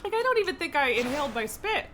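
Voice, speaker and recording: A woman live streamer chatting casually while gaming, self-mocking and laughing often, her throat irritated so she keeps clearing it. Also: sits high, big pitch swings, fast talker, noisy background.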